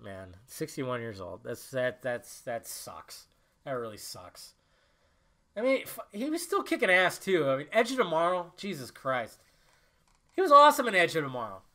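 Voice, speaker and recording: A man's voice: medium pitch, sing-song, normal speed, gravelly, bright, forceful tone. A young man hosting a casual solo podcast, rambling and emotional, cursing often as he talks. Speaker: podcast host.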